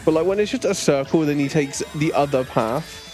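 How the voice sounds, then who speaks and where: A man's voice: a little high, moderate pace, a little mellow. Joking man chatting on the couch. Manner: easygoing, joking, filler-heavy. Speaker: co-commentator. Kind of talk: casual game commentary. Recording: faint game music behind. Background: faint game music.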